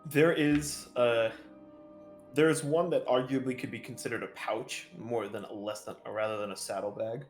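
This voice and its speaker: A man's voice: medium pitch, fairly even intonation, moderate pace, soft background music. A man running a tabletop game as dungeon master, narrating the scene and often breaking into laughs. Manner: laughing often, stalls with "hold on".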